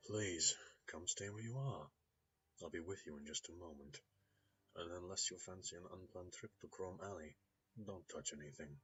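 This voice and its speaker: A man reading as a soft-spoken cultured Russian man. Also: rumbling low, a little hiss or hum. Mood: polite, cultured. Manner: soft-spoken, measured and courteous. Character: cultured, polite Russian male rigger. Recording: slightly dull lo-fi recording.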